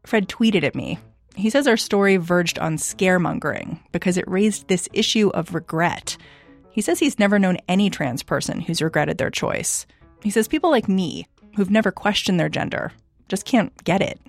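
A radio host narrating and interviewing in a calm, plain-spoken way. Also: medium pitch, moderate pace, creaky, faint music behind.

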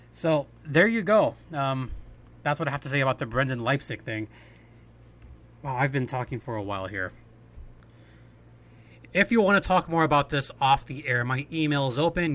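A man's voice: medium pitch, bright, forceful tone. A man hosting a solo podcast, speaking in an impassioned, ranting way and repeating "I mean" often. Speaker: podcast host.

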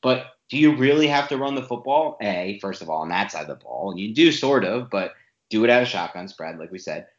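A man co-hosting a sports podcast, making an opinionated, animated case with rapid-fire arguments. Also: on the low side. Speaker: podcast co-host. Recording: echoey room, dull lo-fi sound.

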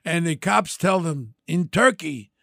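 An older man, hosting a podcast and telling crime stories in an animated, brash way. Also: a little high, measured pace, gravelly, no room sound, clean studio sound. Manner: animated, brash storytelling, acts out quotes. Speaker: podcast host. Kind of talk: storytelling chat.

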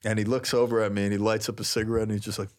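A man who is a priest, telling a story in a casual, animated, slangy way and laughing often on a talk show. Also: fairly low pitch, very fast. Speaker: priest, co-host.

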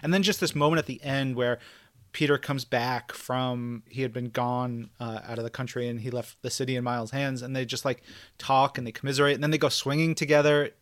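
A man's voice: mid-range voice, steady tone, brisk, fairly bright tone. A man co-hosting a podcast, chatting casually and enthusiastically about comics and games. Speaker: podcast co-host.

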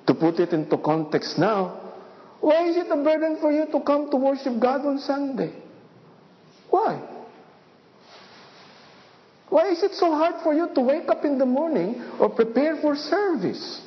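Animated woman preaching in a hall. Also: sits high, a little slow, pauses often. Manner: animated, rhetorical questions, acts out voices of God and people. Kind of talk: sermon. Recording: dull sound with long hall reverb.

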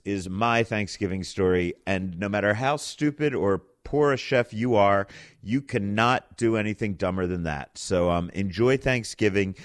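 A man hosting, telling a casual story and acting out the quoted voices. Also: low voice. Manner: animated, acts out quoted voices. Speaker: host.

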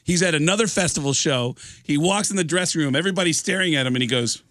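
A man hosting a podcast, telling a comic story in an animated way with laughter through it. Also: a little high, fast talker, dry recording. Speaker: podcast host.

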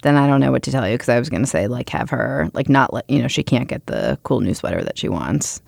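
A woman's voice: very deep voice, expressive, fast, creaky, darkish tone, no room sound, clean studio sound. A woman in her thirties, a podcast co-host chatting casually, rambling through stories with frequent fillers and laughs. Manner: rambling storyteller, laughs often. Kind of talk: casual chat.

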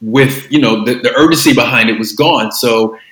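A man's voice: medium pitch, moderate pace, fairly bright tone. A man filmmaker talking casually in an interview, rambling with lots of fillers and restarts. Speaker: filmmaker guest. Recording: roomy echo.

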